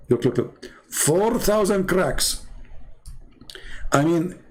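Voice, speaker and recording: A man's voice: a little high, a little mellow, breathy edge. A man speaking in mocking, sarcastic commentary in non-native English, drawing on screen as he talks.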